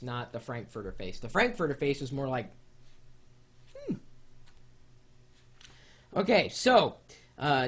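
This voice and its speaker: An American host chatting casually on a video blog, rambling with jokey asides and lots of fillers. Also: medium pitch. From United States. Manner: animated, rambling, joking asides.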